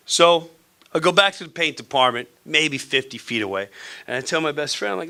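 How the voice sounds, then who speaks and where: A male comedian telling a story live on a theater stage, animated and playful as he acts out the people in it. His voice sits fairly high and rings bright and forceful. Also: normal speed. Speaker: stand-up comedian.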